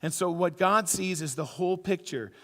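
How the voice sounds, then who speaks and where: A middle-aged pastor delivers a storytelling sermon, his voice sitting notably high for a man. He now and then jumps into quoted lines with loud, high bursts. The sound carries a long church-hall reverb. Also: moderate pace. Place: church sanctuary.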